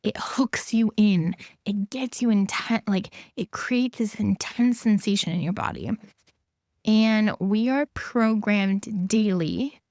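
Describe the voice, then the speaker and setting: A woman's voice: medium pitch, takes it slowly, a little mellow, no room sound, clean studio sound. A woman hosting a solo podcast as an intimacy coach, talking earnestly and repeating her key points for emphasis.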